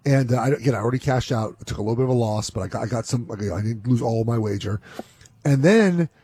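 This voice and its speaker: A man's voice: medium pitch, fast talker, breathy edge, dry recording. Rambling man talking sports bets. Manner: rambling, animated, many restarts. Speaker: sports betting podcast co-host. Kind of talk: casual sports chat.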